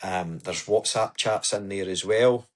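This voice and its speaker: A man's voice: deep voice, a little slow. A man as a podcast guest, telling his story in an earnest, chatty way. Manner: earnest, storytelling, says "aye" and "wee" often. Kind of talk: casual interview chat.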